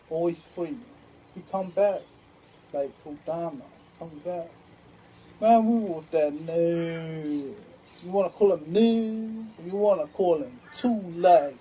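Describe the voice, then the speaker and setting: A woman's voice: on the low side, warm tone, slight background noise, low-quality recording. A woman talking in a rambling, repetitive monologue full of street slang and chant-like repeats.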